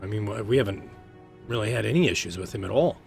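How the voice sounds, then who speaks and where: A man voicing a stern, towering giant princess in a tabletop game who speaks with slow, measured command. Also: on the low side, lively intonation, gravelly, a little mellow, faint music behind. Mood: calm.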